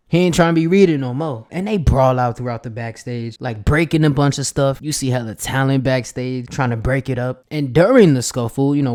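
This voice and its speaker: A man's voice: medium pitch, darkish tone. A man casually recapping a wrestling storyline for his channel in a slangy, profane, rambling way. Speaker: wrestling commentary vlogger.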